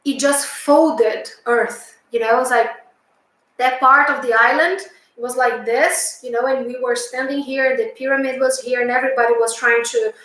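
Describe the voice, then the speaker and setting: A woman's voice: high-pitched, fairly even intonation, normal speed, a bit bright. Woman telling her story, lots of ums and restarts, very echoey room. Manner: hesitant, lots of fillers and restarts, earnest. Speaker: channel host recounting a past-life memory. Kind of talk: casual storytelling.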